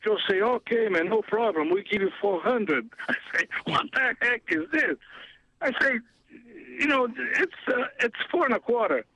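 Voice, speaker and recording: Animated accented man telling a story. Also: very high voice, normal speed, dry recording, dull audio. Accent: foreign accent. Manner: animated storyteller, laughs often, acts out voices. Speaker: singer and radio guest. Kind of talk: storytelling on a talk radio show.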